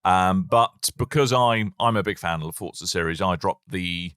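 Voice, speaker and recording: A man's voice: sits low, moderate pace, fairly bright tone, clean tone, dry recording, studio quality. A man co-hosting a games podcast, chatty and jokey, trailing off and restarting as he talks. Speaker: podcast co-host. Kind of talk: casual chat about video games.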